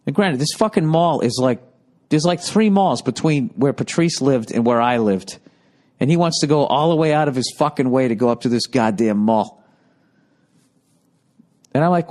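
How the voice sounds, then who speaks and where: A man's voice: a little high, moderate pace. A man hosting a podcast, telling profane, rambling stories in a casual monologue. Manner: profane, rambling, animated storytelling. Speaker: podcast host.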